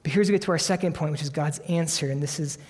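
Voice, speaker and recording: A man's voice: on the high side, quick pace. Preaching man in a reverberant hall. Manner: earnest, rising to emphatic peaks then dropping soft. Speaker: pastor. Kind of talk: sermon.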